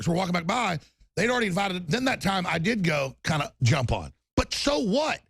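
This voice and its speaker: A middle-aged man hosting heated political talk, combative and fast, mocking people with put-on quotes. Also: sits high, sing-song, gravelly, fairly bright tone, breathy edge, dry recording. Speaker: talk show host.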